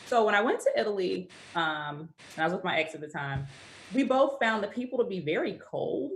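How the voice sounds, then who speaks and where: A woman's voice: medium pitch, expressive, fairly quick. A young American woman talking as a guest in a casual chat, thoughtful and hesitant, with many fillers. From United States.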